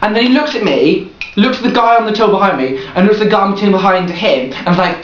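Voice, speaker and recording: Animated, high-voiced young man. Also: fast. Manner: teasing, animated storytelling with bursts of laughter. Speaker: vlogger. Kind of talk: casual chat. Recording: echoey room, dull lo-fi sound, faint hiss.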